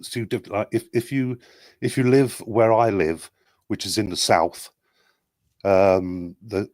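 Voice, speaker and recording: A man's voice: fairly low pitch, steady tone, takes it slowly, darkish tone, dry recording, clean studio sound. A man in his fifties, English-born and raised in South Wales, chatting as a guest on a video call and rambling. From England. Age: 50s. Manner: chatty, rambling, trying out accents. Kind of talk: casual chat.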